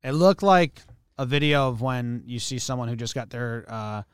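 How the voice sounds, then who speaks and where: A man's voice: medium pitch, normal speed, clean tone, no echo, studio quality. A man co-hosting a sports podcast, retelling a story in casual chat and acting out the quotes. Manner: animated storyteller, acts out quotes, swears. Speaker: podcast co-host.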